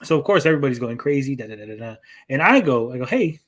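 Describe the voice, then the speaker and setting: A man's voice: mid-range voice, lively intonation, rapid-fire, fairly bright tone. A man hosting a reaction stream, telling a long story in casual chat, often ending sentences with "right?" and acting out quoted lines in a raised voice. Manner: acts out quoted exchanges in a raised voice.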